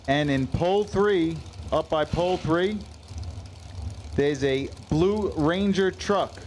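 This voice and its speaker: A man's voice: a little high, darkish tone, a little hiss or hum, low-quality recording. Chatty New man announcing drag races. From New York. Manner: joking, chatty banter. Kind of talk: live race commentary.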